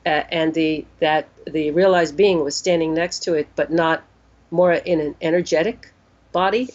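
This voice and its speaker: A woman in her sixties, an interview guest, telling a personal story in an earnest, unhurried way and voicing her own thoughts as she goes. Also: lowish voice, darkish tone. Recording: dull lo-fi recording.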